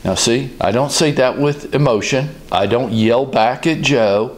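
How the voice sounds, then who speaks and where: A man hosting a business advice talk, speaking in a calm, measured and direct way. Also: mid-range voice. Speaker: host, business coach.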